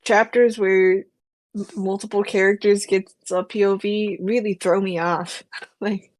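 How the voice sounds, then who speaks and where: A woman's voice: mid-range voice, level tone, unhurried, darkish tone, no room sound. A woman co-hosting a podcast in casual chat, teasing and laughing often. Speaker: podcast co-host.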